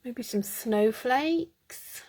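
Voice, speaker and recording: A woman's voice: on the high side, very slow, a little mellow, husky. A woman hosting a live card-making stream, chatting, muttering to herself and laughing as she works. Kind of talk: casual live crafting chat.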